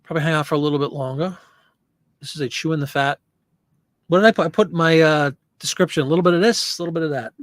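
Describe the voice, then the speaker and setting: A man's voice: a little high, quick pace, a bit bright, dry recording, clean studio sound. A man hosting a casual live stream, chatting loosely and answering viewer comments as he rambles. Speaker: host.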